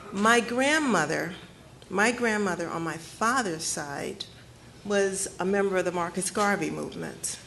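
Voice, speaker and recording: A middle-aged woman from Detroit giving a personal storytelling speech at her book launch, measured and earnest with slow, emphatic phrases. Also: lowish voice, creaky, noisy background. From Detroit, United States. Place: cafe event space with audience.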